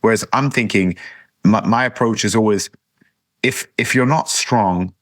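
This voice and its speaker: A man hosting a podcast, talking thoughtfully and haltingly, often repeating words as he searches. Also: lowish voice, a bit bright, dry recording, clean studio sound. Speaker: podcast host. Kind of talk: casual interview chat.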